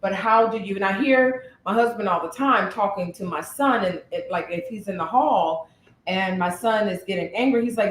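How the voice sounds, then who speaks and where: Animated woman therapist in an echoey room. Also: mid-range voice, moderate pace, slight background noise. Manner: animated, thoughtful, searches for words. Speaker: therapist and podcast co-host. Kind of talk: casual conversational podcast. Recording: roomy echo.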